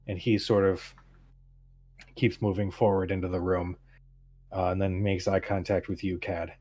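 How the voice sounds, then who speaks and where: A man narrating as game master in a tabletop game, relaxed and halting with fillers. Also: low-pitched, slightly rough.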